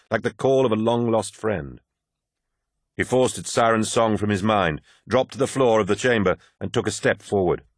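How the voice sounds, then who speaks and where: A man narrates an audiobook in a low voice, reading with measured drama. The sound is close and dry, with no room around it. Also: no echo. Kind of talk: scripted narration.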